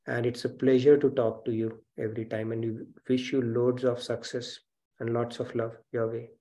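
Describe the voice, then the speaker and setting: A man leads an online spiritual class over a video call. His voice is mellow and dark, and he reassures his students in a steady, mid-pitched tone. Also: moderate pace. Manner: warm, encouraging, reassuring. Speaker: spiritual teacher and session host. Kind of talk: casual online class talk.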